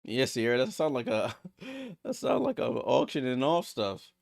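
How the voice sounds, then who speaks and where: A man hosting a live watchalong stream, calling basketball play-by-play and reacting excitedly to each play. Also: mid-range voice, measured pace, creaky. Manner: excitable, rattles off passes, reacts aloud. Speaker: watchalong host.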